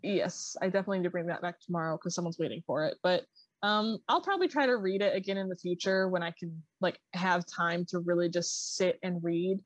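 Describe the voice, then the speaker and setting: A woman's voice: lowish voice, brisk, dry recording. A young woman co-hosting a library podcast, chatting casually about books with lots of fillers and enthusiasm. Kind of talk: casual chat.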